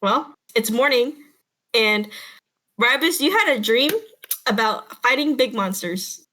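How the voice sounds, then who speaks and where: A woman's voice: a little high, lively intonation, slow pace, pushed and bright, low-quality recording. A woman narrating a tabletop game as game master, casual and chatty, laughing often.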